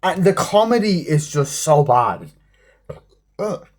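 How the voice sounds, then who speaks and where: A young man delivers an exasperated movie review, swearing freely and leaning on "like." His voice sits a little high and swoops widely from word to word as he rants. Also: very animated, slow pace. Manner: exasperated, swears a lot, repeats "like". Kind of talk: ranting film review.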